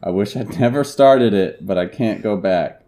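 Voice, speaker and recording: A young man reading an internet story aloud and chatting on a casual podcast, deadpan with bursts of laughter. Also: fairly low pitch, moderate pace.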